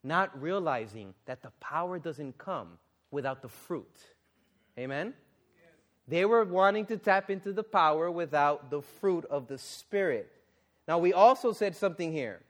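A man preaching a sermon and reading scripture, exclaiming and questioning the congregation, then dropping to a low, earnest tone for serious points. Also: a little slow. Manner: animated, exclaiming and asking the audience questions.

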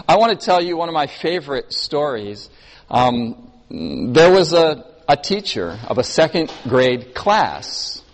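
Expressive male preacher in a reverberant hall. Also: on the high side. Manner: expressive storytelling, shifting between emphatic and soft. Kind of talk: sermon. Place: church hall.

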